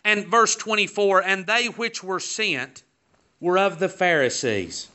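A man's voice: high-pitched, measured pace, sharp tone. A man teaching a Sunday school class, reading Bible verses aloud and then explaining them. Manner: reads scripture aloud in King James wording, then explains it. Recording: dull, lo-fi recording.

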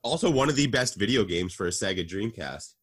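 A man's voice: on the low side, lively intonation, fairly quick. A young man from Canada, a podcast guest, bantering casually with lots of swearing. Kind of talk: casual chat.

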